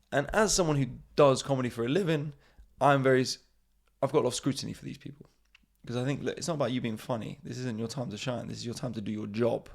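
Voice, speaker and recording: A man's voice: mid-range voice, quick pace, creaky. A man, a comedian hosting his podcast in a casual, rambling monologue, swearing freely and mocking himself.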